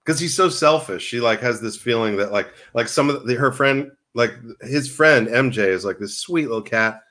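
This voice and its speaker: A man in casual comedic chat, telling animated stories as a podcast co-host. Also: medium pitch, moderate pace. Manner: animated storytelling with laughs.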